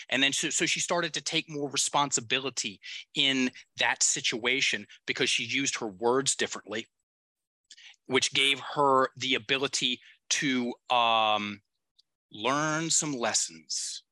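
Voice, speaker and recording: A male coach speaks bluntly in a very bright and forceful voice. He drives each point home with emphasis. The recording is close and dry. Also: mid-range voice, a little slow, no echo. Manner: emphatic, blunt, with casual swearing. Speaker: guest executive coach. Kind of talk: podcast conversation.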